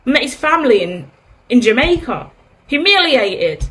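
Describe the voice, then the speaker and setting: Woman, thirties, tarot reader, candid and chatty, rhetorical questions, fairly high voice. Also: sing-song, normal speed, fairly bright tone. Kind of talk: casual tarot reading monologue.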